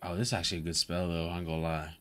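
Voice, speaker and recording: A young man live-streaming a game, chatting casually, swearing and laughing often in an excitable way. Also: low voice, very fast.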